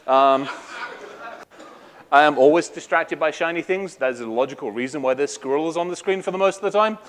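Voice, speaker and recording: A middle-aged Welsh man giving a casual, irreverent conference talk, joking and swearing freely. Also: fairly high pitch. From Wales. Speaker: conference speaker.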